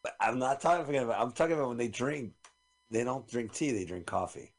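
A man's voice: mid-range voice, animated, a little fast. A man co-hosting a radio show, swapping movie stories and slipping into silly voices. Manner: storytelling, slips into silly put-on voices. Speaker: radio co-host. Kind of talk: casual banter while watching a movie. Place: radio studio.

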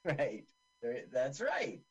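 A man's voice: mid-range voice, huge pitch swings, takes it slowly, breathy edge, rough recording. A man co-hosting a podcast who narrates the on-screen action of a movie with sarcastic asides. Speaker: podcast co-host. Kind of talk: casual movie commentary.

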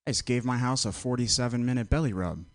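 A man doing stand-up one-liners on a comedy club stage with a dry, deadpan delivery. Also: mid-range voice, quick pace, no echo. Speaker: stand-up comic.

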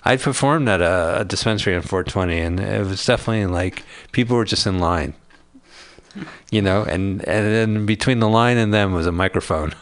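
A man's voice: low voice, brisk. A man chatting loosely in a radio studio, rambling and telling jokes. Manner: rambling, tells jokes with put-on voices. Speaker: comedian guest. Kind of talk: casual podcast banter.

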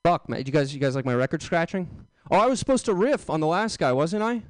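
A young man working a comedy club stage with a handheld mic, loud and jokey with the crowd. His voice is smooth and clean, and the sound is dry and close, with little room around it. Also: on the high side, very animated, fast talker, no echo. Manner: loud, jokey crowd banter with sudden yelps. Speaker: stand-up comic. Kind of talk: stand-up comedy set.

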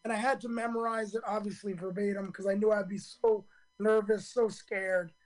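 A hoarse man in his fifties, a stand-up comedian telling his story in a radio interview, earnest and full of ums and restarts. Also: high-pitched, little pitch movement, normal speed, low-quality recording.

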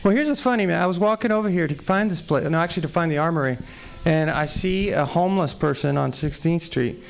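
Gravelly, rambling man at an open mic. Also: on the high side, brisk. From Texas. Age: 40s. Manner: rambling, profane and self-deprecating, with many restarts. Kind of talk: improvised stand-up at an open mic.

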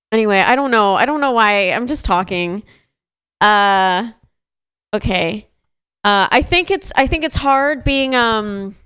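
A young woman in her twenties doing a rambling, deadpan stand-up set on a club stage mic. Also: mid-range voice, smooth. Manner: deadpan, rambling, self-deprecating. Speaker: stand-up comedian.

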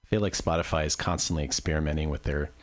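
A man hosting a radio show, asking questions in a relaxed, agreeable way. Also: a bass voice, racing. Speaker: radio host. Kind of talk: casual radio chat.

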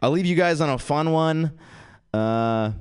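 A man's voice: fairly high pitch, measured pace, clean tone. A young man hosting a comedy night and doing a self-mocking stand-up set. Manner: lively, self-mocking, switches into mock voices for quoted people. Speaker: comedy show host and stand-up comic. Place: comedy venue with live audience.

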